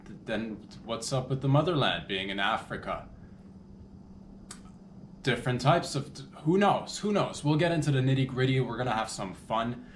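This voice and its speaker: A man's voice: mid-range voice, normal speed, long pauses, roomy sound, a little hiss or hum. A man hosting a comedy podcast, rambling loosely with crude jokes and asides. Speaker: podcast host.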